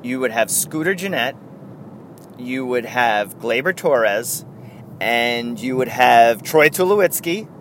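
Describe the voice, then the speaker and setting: A man's voice: medium pitch, animated, slow, a bit bright, a little hiss or hum. A man hosting a casual sports podcast, rambling and correcting himself as he chats. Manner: rambling, self-correcting, chatty. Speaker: podcast host.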